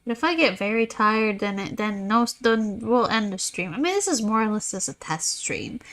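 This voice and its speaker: A woman's voice: medium pitch, animated, normal speed, a bit bright. A young woman chatting casually while streaming a game, rambling, tired and sarcastic. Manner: rambling, self-mocking, sarcastic. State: tired, yawning.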